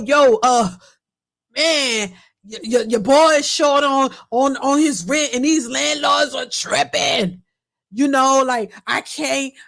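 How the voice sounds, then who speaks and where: A woman's voice: high voice, a bit bright. A woman putting on the voice of a man who whines about being short on rent, slangy and stammering. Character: man complaining he cannot pay rent.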